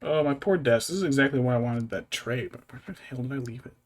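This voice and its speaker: A man's voice: medium pitch, fast talker. Man chatting on a stream, mid-range voice, rambling, muttering to himself and his cat, wry mock-drama, casual. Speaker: miniature painting streamer. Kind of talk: casual livestream chat while working.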